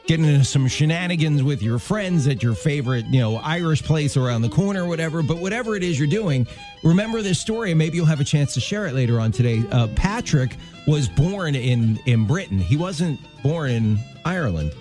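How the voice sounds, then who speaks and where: A male morning radio co-host with a fairly high voice talks into a studio mic. He spins a story loosely, joking as he goes. Faint music plays beneath him. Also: animated, a little fast, a little mellow. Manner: jokey storyteller, loose and chatty. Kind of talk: casual morning show banter. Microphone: studio microphone.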